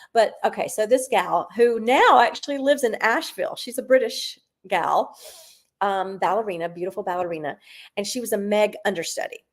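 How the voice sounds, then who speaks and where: A middle-aged woman from South Carolina, a Broadway singer chatting as a guest and telling stories with lively, half-sung bits. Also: mid-range voice. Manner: animated storyteller, sings snatches of lines. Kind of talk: casual interview chat.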